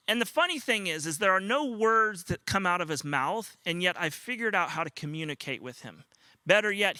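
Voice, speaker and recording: Earnest high-voiced older pastor. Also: male voice, sharp tone, smooth, dry recording. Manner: earnest storytelling, acts out a toddler's cries. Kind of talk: sermon.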